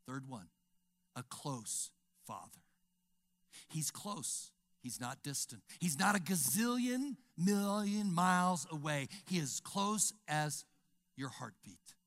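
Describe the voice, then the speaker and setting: An older male pastor preaching a sermon, telling stories and acting out dialogue, swinging from whispers to shouts. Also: fairly high pitch, sing-song, slow pace.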